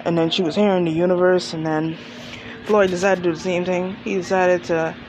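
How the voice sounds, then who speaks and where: A woman chatting casually through a TV episode recap, animated and gushing, laughing often. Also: lowish voice, fairly quick. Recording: muffled with loud vehicle noise.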